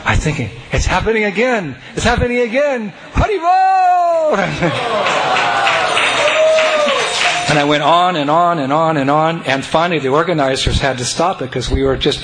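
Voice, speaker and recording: A man telling a personal devotional story to an audience, animated and breaking into chanting and joyful shouts. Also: a little high, fairly quick. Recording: noisy recording.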